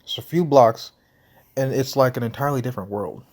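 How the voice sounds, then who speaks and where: A man's voice: mid-range voice, fairly quick, a little mellow. A young man casually commenting on a story game, reading its text aloud in a slangy, laid-back way and sometimes talking with his mouth full. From St. Louis area, US. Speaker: gameplay commentator.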